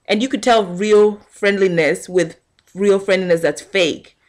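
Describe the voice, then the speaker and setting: A young woman vlogger telling a casual, animated rant to her camera and acting out what people said. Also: medium pitch, a little slow. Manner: animated storytelling, acting out quotes.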